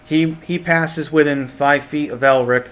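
A man's voice: on the high side, fairly even intonation, a little slow, a bit bright. A man narrating as game master of a tabletop game, often repeating words as he goes.

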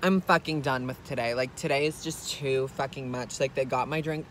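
A man's voice: mid-range voice, normal speed, a bit bright, slight background noise, close to an everyday voice. A man playing a spoiled, foul-mouthed, entitled rich young woman in a comedic parody vlog, whining in a valley-girl drawl full of "like" and swearing from inside a car. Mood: furious, ranting.

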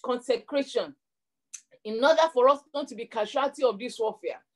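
A woman's voice: a little high, normal speed. A middle-aged woman preaching a sermon, telling a story and leading prayer in an earnest way, often repeating words as she builds her points.

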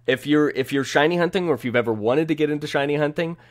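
A man's voice: a little high, quick pace. A man chatting as an interview guest, upbeat and rambling with lots of fillers and restarts. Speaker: guest streamer and shiny hunter. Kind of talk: casual interview chat.

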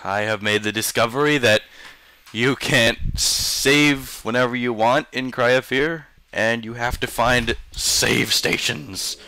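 A man's voice: mid-range voice, slow, bright, forceful tone, smooth, no echo. A man giving casual, sarcastic commentary while playing a video game, talking back to the game. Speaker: let's play gamer.

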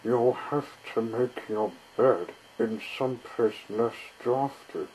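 A man's voice: mid-range voice, fairly even intonation, slow, darkish tone, slight background noise, natural voice, rough recording. A man voicing a cheerful, helpful little female engine in a storybook reading, eager and friendly.

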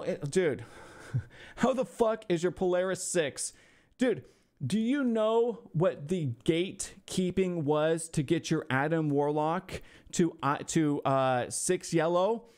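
His high voice is very animated yet measured in pace. Livestreaming a mock-insulting review of a viewer's game roster, the man rants with sarcasm and profanity out of exasperation, firing back at imagined hecklers.

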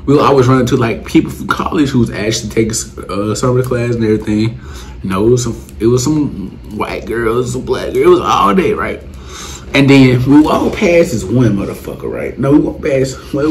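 Animated young man telling a story. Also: a little hiss or hum. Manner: animated, acts out friends' lines with pitch jumps; rambling with slang and profanity. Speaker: vlogger. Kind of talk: casual storytime.

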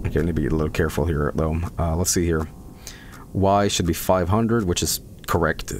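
A man's voice: deep voice, fairly even intonation, a little fast, slight background noise. A man streaming a game, chatting casually as he plays, rambling and joking, swearing often. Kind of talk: casual live-stream commentary.

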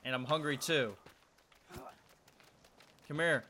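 This let's-play host, a young man, plays along while nervously talking to himself. He sounds animated and on the high side, with a sharp tone at a moderate pace, over a little hiss or hum.

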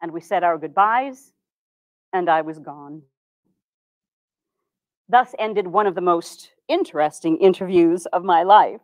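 Brief: actress as earnest 1860s reformer, formal first-person monologue, dry close sound. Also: female voice, fairly low pitch, no room sound, close to an everyday voice, poor audio. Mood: recounting. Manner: formal, measured old-fashioned diction. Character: earnest 1860s woman reformer, composed and dignified. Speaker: historical reenactor.

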